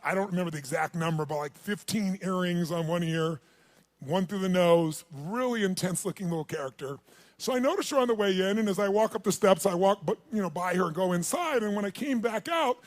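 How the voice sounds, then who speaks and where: High, animated male seminar speaker. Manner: animated, calls on the audience to shout and raise hands. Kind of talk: live seminar storytelling to an audience. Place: large event hall with a live audience.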